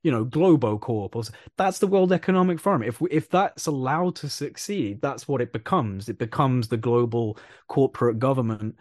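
A man in casual conversation, talking in an animated, rambling way and repeating phrases for emphasis. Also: mid-range voice, moderate pace, few pauses, dry recording, clean studio sound. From England.

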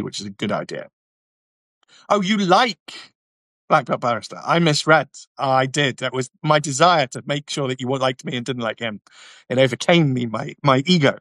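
A man's voice: medium pitch, normal speed, a bit bright, no room sound. A man hosting a livestream, reading viewer comments and answering them bluntly, with sardonic asides. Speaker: YouTube channel host reading viewer comments. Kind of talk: casual livestream chat.

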